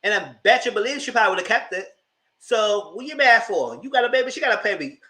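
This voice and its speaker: A man's voice: high voice, lively intonation, quick pace, sharp tone. A man with hosting a casual live TV review, talking in slang, laughing often and acting out characters' lines. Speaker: host.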